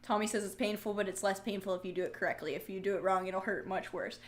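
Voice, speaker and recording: A woman's voice: medium pitch, fast talker. A young woman hosting a casual livestream, chatting, joking and answering viewer comments as she goes. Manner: laughs easily, jokey asides. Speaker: livestream host.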